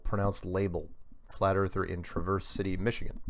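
A man's voice: low voice, normal speed, vocal fry, no echo. A man hosting a show, reading viewer emails aloud and adding casual asides. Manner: reads letters aloud, adds asides. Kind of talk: casual monologue.

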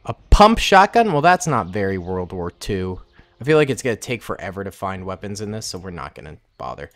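A man giving jokey, excitable gameplay commentary, bursting into yelps and shouts. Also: deep voice, a little fast. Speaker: gaming YouTuber.

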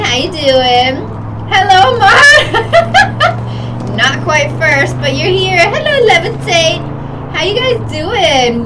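A woman's voice: sits high, far from the mic, heavy background noise. A young woman streaming a game, chatting casually and greeting her viewers by name with lots of giggles. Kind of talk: casual live-stream chat while gaming.

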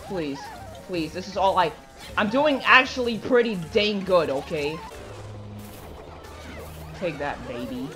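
A woman's voice: on the low side, expressive, slow pace, pauses often, fairly bright tone, soft background music. A young woman giving live commentary on her own racing game play, swearing, stammering and breaking into frustrated outbursts. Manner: stammering restarts. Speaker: gaming video creator.

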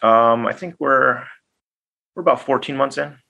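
A man's voice: medium pitch, moderate pace, creaky. A man, a guest investor in an interview, telling casual stories and acting out quoted dialogue. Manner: animated anecdotes, acts out quoted dialogue. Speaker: guest business owner and investor.

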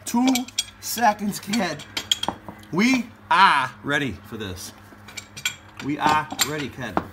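A man with a fairly high, bouncy voice chats and jokes while wrenching in a garage, laughing often. His pitch jumps around a lot. Steady noise from the garage sits under the recording. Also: slow. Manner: animated, joking, laughs often. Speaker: host. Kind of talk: casual garage chat. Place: home garage.

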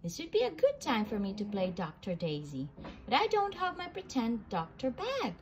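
A woman's voice: on the high side, huge pitch swings, normal speed. A woman doing Daisy, a kind cartoon duck. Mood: kindly. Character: helpful female cartoon duck playing doctor. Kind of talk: storybook read-aloud.

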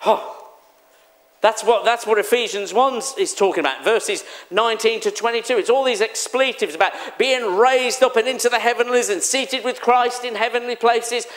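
A man preaching a sermon in a church, animated and exclamatory, acting out the voices he quotes. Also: very high-pitched, normal speed. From England. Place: church hall.

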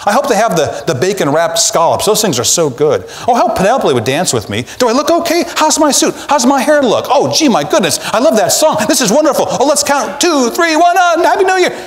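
A man voicing a giddy partygoer at a ballroom, fussing in excited chatter. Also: very high-pitched, a little fast, few pauses, voice pushed up. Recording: long church reverb.

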